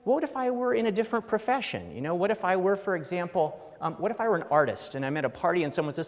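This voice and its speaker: A man's voice: sits high, expressive, quick pace, hardly any pauses. Middle-aged male professor, dry self-mocking humor, lecture hall reverb. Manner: wry, self-deprecating, acts out quotes. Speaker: professor giving an award lecture.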